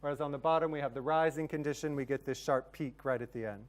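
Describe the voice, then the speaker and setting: A man's voice: mid-range voice, fast talker. A man giving a plenary academic lecture, explaining research results step by step with the occasional um. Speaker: conference plenary speaker.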